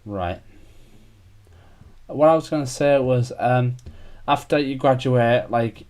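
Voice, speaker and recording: A young man hosting a casual podcast chat. He rambles from one thought to the next, packing his talk with filler words at a middling pitch. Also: slow, darkish tone. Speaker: podcast host.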